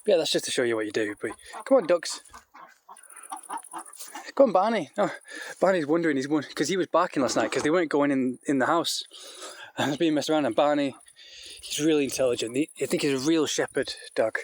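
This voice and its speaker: A man's voice: quick pace, no echo. Rambling, chatty man on a farm. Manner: rambling, chatty, with many restarts and fillers; talks to the animals in a higher, coaxing voice. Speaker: vlogger keeping poultry on a farm. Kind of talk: casual walk-and-talk vlog. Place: outdoors in a farmyard by a duck shed.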